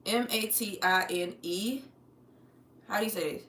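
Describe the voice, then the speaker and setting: A woman's voice: medium pitch, a little slow, fairly bright tone, far from the mic. An American woman chatting loosely with her live-stream viewers from home and swearing casually. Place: home, moving about the room. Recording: roomy sound, voice off the mic.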